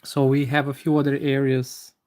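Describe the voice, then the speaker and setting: Mellow-voiced man teaching live anatomy drawing. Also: mid-range voice, level tone. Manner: halting, many fillers and restarts, friendly to viewers. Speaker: anatomy drawing livestream host. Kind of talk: live drawing tutorial with chat greetings.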